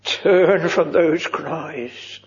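Man preaching real slow and hushed, kinda muffled old church tape with long echo. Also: a little high. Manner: slow, solemn, dropping to hushed whispers. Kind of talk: old-fashioned sermon.

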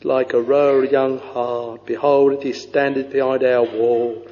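A man preaching a sermon, reading scripture in a slow, halting way with many pauses and fillers, dropping to a hushed voice on quoted verses. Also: medium pitch, little pitch movement. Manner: slow, halting delivery with frequent uh and you know. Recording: dull lo-fi recording with long hall reverb.

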